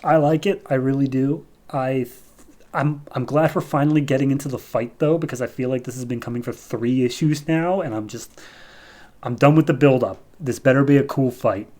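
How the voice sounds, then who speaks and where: Give me a man casually reviewing comics on a podcast, animated and chatty. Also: mid-range voice. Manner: animated retelling, acts out characters' lines in quick voices.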